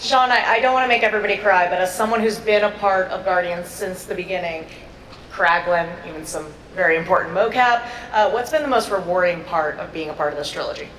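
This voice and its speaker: A woman's voice: on the low side, brisk, fairly bright tone. A woman moderating a convention panel, upbeat as she asks questions. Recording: echoey hall recorded from far off, faint noise.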